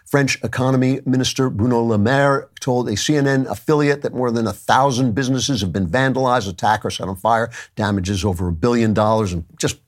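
A man in a mid-range voice giving a pointed monologue. He talks emphatically and breaks off for quick asides. His delivery stays firm and opinionated. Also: mid-range voice. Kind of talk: monologue commentary.

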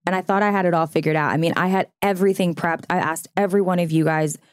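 A woman's voice: on the low side, fairly even intonation, quick pace, no room sound, clean studio sound. A woman in her thirties, a podcast guest, talking earnestly in casual chat, saying "like" a lot and acting out quotes. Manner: earnest, heavy use of "like", acts out quotes.

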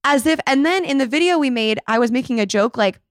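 A woman in her twenties hosting a casual chat, telling stories quickly with lots of fillers. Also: sits high, animated, dry recording, clean studio sound. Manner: chatty, fast storytelling with many fillers. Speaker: host.

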